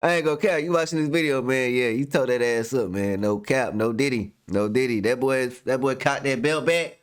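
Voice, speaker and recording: A man's voice: mid-range voice, fairly quick, smooth. A young man reacting to a clip with loose, slang-heavy commentary and a personal story, laughing often.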